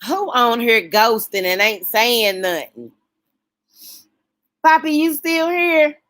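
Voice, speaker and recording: A woman hosting a casual late-night livestream, talking warmly and emotionally with her viewers. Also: fairly high pitch, expressive, slow, dry recording. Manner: emotional, folksy, talks straight to chat.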